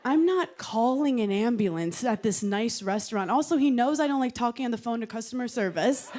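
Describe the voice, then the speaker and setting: A woman in her thirties doing a stand-up comedy set on a television studio stage, with a punchy deadpan delivery. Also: a little high, a little fast, hardly any pauses. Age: 30s. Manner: punchy deadpan delivery, acting out quoted voices.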